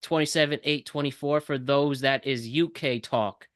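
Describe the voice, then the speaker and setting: Bright, crisp-voiced podcast co-host man. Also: medium pitch, normal speed, dry recording, clean studio sound. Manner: lively, delivers news-style rundowns. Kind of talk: casual chat.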